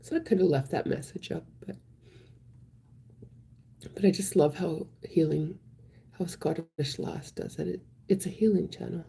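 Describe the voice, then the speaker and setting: Woman, live-stream chat, husky breathy voice, gravelly fry, soft-spoken, slips into whispers. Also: on the low side, unhurried, long pauses. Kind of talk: casual live-stream chat reading viewer comments.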